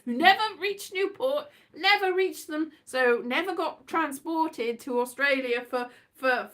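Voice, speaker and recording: A woman's voice: high-pitched, fairly bright tone. A woman chatting casually in a scatterbrained, rambling vlog, sometimes breaking into silly made-up songs. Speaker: vlogger.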